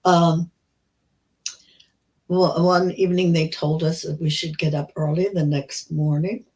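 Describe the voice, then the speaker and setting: A woman in her nineties, a survivor, telling her memories in an interview, slow and halting with many restarts. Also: low-pitched, level tone, darkish tone, poor audio. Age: 90s. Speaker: Holocaust survivor guest.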